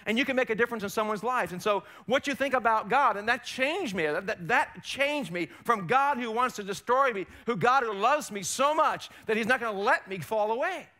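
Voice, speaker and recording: Bright-voiced, emphatic preaching man. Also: very high voice, expressive, fairly quick, few pauses. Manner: emphatic preaching, rising and falling in force. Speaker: pastor. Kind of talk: sermon. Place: church sanctuary.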